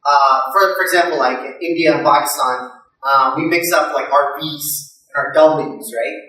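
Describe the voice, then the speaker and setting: A man doing a stand-up comedy set, talking in a chatty way with many fillers and bursting into loud impressions. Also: fairly high pitch, normal speed. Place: live comedy venue. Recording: very echoey room, from far off.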